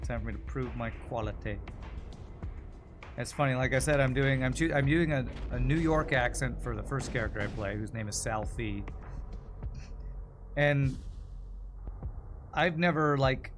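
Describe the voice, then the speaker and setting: A chatty male game streamer who rambles casually while he plays and reads chat aloud. His voice sits at a middle pitch. Faint background music runs under his talk. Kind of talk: casual gameplay commentary.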